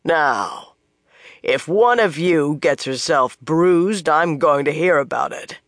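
A narrator voicing a grizzled, scowling male soldier who speaks gruffly in a deep, gravelly voice. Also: expressive, slow pace, fairly bright tone, no echo, studio quality. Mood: stern. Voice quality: gruff and curt.

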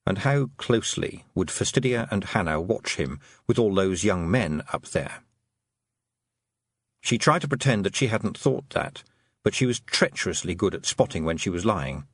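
Male audiobook narrator, husky, animated delivery, dry booth. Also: on the low side, moderate pace, dry recording. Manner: lively, expressive storytelling.

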